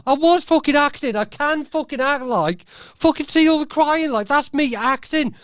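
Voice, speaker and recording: A man voicing an indignant young actress who insists she was only acting; he is loud, sweary and exasperated. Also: extremely high pitch, moderate pace, no echo, studio quality, voice pushed up.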